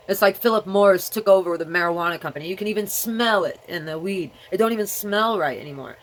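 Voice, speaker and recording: A woman's voice: fairly low pitch, a bit bright, poor audio. A woman with a childlike way of speaking, talking at home in a rambling casual vlog monologue that jumps between topics. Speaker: vlogger.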